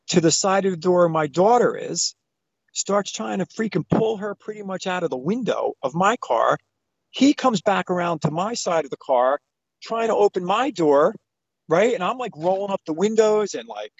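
Man, thirties, caller, high gravelly voice, lively retelling, dull dry phone audio. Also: no room sound. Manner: animated retelling, acts out quotes in a raised voice. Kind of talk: phone-in storytelling. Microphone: phone call.

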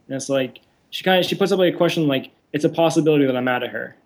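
A man calling in to a show, telling his story in a rushed, frustrated, casual way. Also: on the high side. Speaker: caller. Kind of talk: call-in conversation.

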